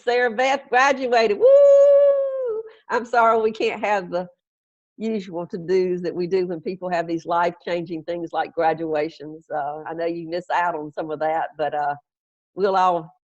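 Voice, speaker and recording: A woman's voice: deep voice, a little mellow, dry recording. A middle-aged woman minister, chatting through congregation questions in a folksy, conversational way and chuckling often. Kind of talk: casual question-and-answer with congregation. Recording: dull, dry, lo-fi stream audio.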